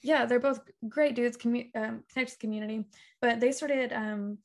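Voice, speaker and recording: A young adult woman, a guest on a podcast, chatting casually and acting out remembered conversations with quick laughs. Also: on the high side. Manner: animated storyteller, acts out quoted dialogue, laughs often. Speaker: guest, talk show creator. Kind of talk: casual interview chat.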